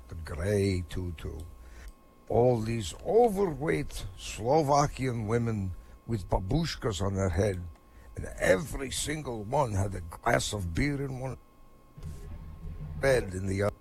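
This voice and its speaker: A man's voice: medium pitch, creaky, darkish tone, slightly rough. A man doing a stand-up comedy set of corny jokes in a vampire persona, in an online voice chat.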